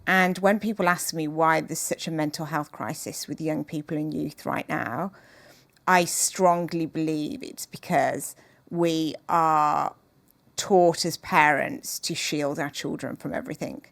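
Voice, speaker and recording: Woman guest talking things through, low voice with some fry, dry close mic. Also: steady tone, fairly bright tone, no room sound. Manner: earnest, measured and openhearted. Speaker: podcast guest, author. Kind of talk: reflective interview conversation.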